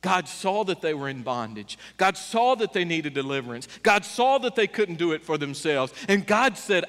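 Punchy male preacher, high-pitched, echoey church hall. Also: animated, normal speed, hardly any pauses, fairly bright tone. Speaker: pastor. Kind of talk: sermon.

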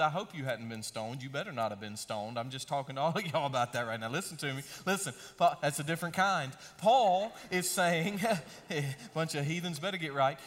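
A middle-aged man preaching a sermon in a folksy, emphatic style, swinging between loud and hushed delivery. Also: on the high side, lively intonation, a little fast. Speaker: pastor. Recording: long reverb of a large hall.

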